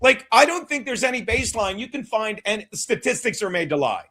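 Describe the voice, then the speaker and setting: A man hosting a casual political chat show, loud and emphatic, joking and shouting his punchlines. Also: high-pitched, big pitch swings, fairly quick. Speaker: podcast host.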